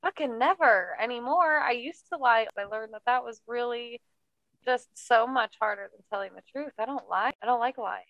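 A woman co-hosting a casual podcast chat, upbeat and blunt, reacting quickly and laughing often. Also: fairly high pitch, muffled recording. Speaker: podcast co-host.

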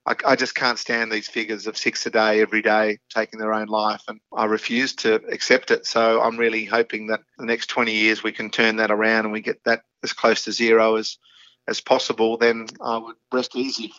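A man's voice: lowish voice, bright, forceful tone, no room sound. A middle-aged man with an Australian accent, speaking frankly as an interview guest, with many fillers and restarts. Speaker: guest, foundation founder. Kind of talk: candid interview talk. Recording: slightly dull lo-fi audio.

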